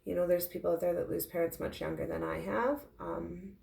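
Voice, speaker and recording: A woman in a personal confessional vlog, tearful and emotional, talking in a heartfelt, halting way with many fillers. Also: fairly low pitch, steady tone, vocal fry, a little mellow, echoey room. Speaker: intuitive medium sharing her grief.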